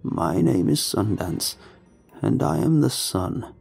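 A man voicing a creepy, frail male creature who calls himself the sun, with a slow, drawn-out, croaking voice. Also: on the low side, sing-song, darkish tone, faint music behind, exaggerated voice. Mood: menacing.

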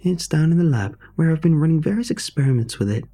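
A man's voice: on the high side, animated, quick pace, warm tone, soft background music, voice pushed up. A man voicing an eccentric older woman inventor who is overly cheerful and slightly manic, talking in a rambling, sing-song way. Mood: eager.

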